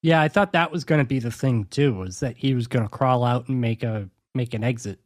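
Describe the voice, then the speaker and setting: Male podcast co-host, mid-pitched voice, deadpan one-liners. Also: brisk. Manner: dry, deadpan quips. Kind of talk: casual chat.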